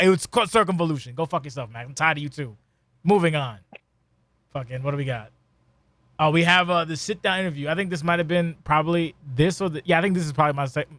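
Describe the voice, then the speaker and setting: A man's voice: a little high, a bit bright, no room sound. Profane ranting male podcast host. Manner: profane, mock-angry ranting. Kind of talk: casual post-show chat.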